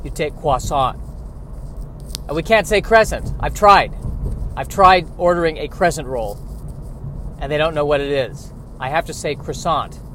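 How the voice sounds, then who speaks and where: A man riffing comedically as a podcast host, animated and self-interrupting. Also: a little high, normal speed, pauses often, slight background noise.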